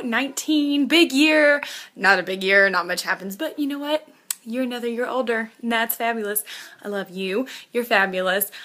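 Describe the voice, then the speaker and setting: Bright-voiced playful young woman. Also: fairly high pitch. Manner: playful, teasing, affectionate. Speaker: friend sending a birthday message. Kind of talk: casual to-camera birthday message.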